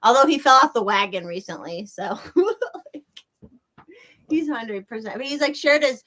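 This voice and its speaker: A young woman hosting a livestream, chatty and giggly, drifting from point to point. Her voice sits a little high and swings up and down a lot as she talks. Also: animated, moderate pace, a bit bright. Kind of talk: casual livestream chat.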